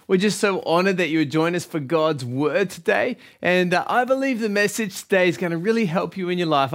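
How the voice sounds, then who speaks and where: A man's voice: sits high, fairly bright tone. A young male pastor, preaching a sermon in an encouraging, conversational way.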